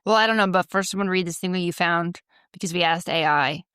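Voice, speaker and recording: A woman's voice: fairly low pitch, fast talker, a bit bright, smooth, dry recording, clean studio sound. A woman co-hosting a casual podcast, with joking, teasing banter. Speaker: podcast co-host. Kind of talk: casual chat.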